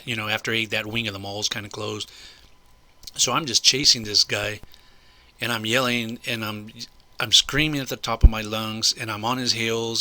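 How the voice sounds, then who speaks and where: Older man, low voice, sharp and forceful, rambling indignant storytelling. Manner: rambling and indignant, with repeated asides. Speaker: vlogger recounting a personal incident. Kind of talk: casual spoken storytelling.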